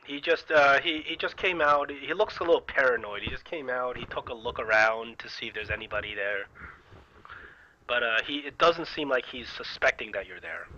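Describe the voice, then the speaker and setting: Guy dming a tabletop game, bright sharp voice, keeps stumbling and repeating himself. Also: medium pitch, dull audio. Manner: halting, repeats words while describing. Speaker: dungeon master.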